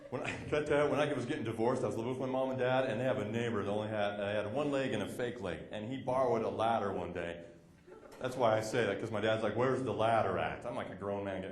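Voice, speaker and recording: A man's voice: lowish voice, fast talker. A young man doing a stand-up comedy set, telling rambling, self-deprecating stories with quoted asides. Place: comedy club stage. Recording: echoey club room. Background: audience laughter.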